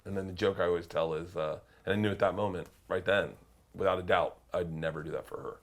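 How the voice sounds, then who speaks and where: A man, an interview guest, telling a story in a loud, excitable way, swearing and breaking into shouted quotes. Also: low voice, fast. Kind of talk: animated storytelling.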